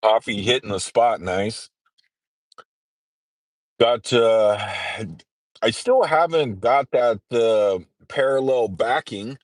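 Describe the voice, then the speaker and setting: A congested man with a medium-pitched, lively voice hosts a casual morning livestream, speaking slowly with long pauses. He's a livestreamer in trucker training who rambles, clears his throat often and leans on filler words. The sound is dry and close, with no echo.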